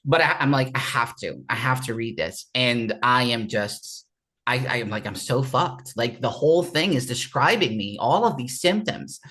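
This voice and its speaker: An interview guest with a mid-range, fairly bright voice shares a raw personal story in an animated way. He speaks earnestly but haltingly, stopping, restarting, and repeating words. The whole delivery comes across as candid and unpolished.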